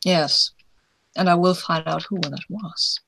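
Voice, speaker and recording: A woman's voice: fairly low pitch, steady tone, a little slow, gravelly, a bit bright. A woman player speaking as her character in a story game, answering in a dry, unimpressed way.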